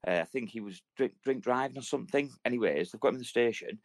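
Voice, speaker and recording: A man's voice: medium pitch, dry recording. A man, hosting a podcast, telling army stories in casual, sweary banter and acting out the voices of the people in them. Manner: fast storytelling, acts out quoted lines. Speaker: podcast host.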